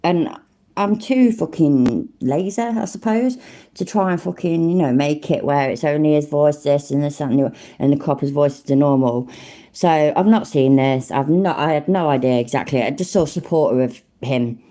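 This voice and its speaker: A woman's voice: sits low, moderate pace, mellow. A woman hosting a commentary channel, blunt, sweary and sarcastic in casual reaction talk.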